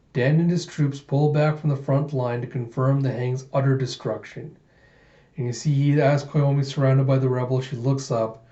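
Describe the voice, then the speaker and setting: A man's voice: mid-range voice, warm tone, roomy sound, muffled recording. A man casually recapping a manga chapter by chapter in a chatty, enthusiastic storytelling manner. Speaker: manga read-through host.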